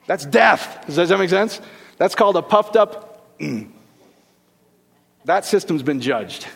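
A middle-aged male pastor preaching a sermon in a church hall, lively and joking, firing rhetorical questions at the congregation. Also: high voice. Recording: long hall reverb.

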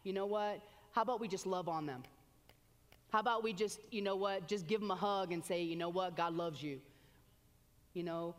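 A woman preaching a sermon with animated exclamations, reading scripture aloud between comments. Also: medium pitch, a little fast. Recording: long hall reverb.

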